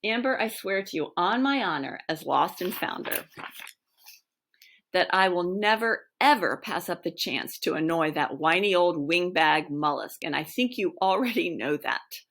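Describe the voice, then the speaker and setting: A woman's voice: on the low side, lively intonation, normal speed, a bit bright. A woman reading aloud, voicing a cheeky young boy who works as a hotel lost-and-founder, asking eager, pleading questions.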